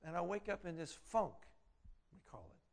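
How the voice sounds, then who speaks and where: A middle-aged man preaching a sermon, rising loud on his exhortations and dropping quiet and low when he voices inner doubts. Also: big pitch swings, normal speed, vocal fry. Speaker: pastor.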